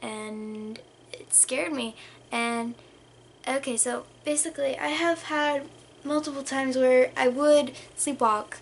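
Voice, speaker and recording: A woman's voice: high-pitched, fairly even intonation, slow pace, creaky, a little hiss or hum. A young woman telling a storytime vlog in a rambling, casual way, full of "like" and dropping into whispers. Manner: rambling, lots of "like" fillers, drops to whispers. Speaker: vlogger.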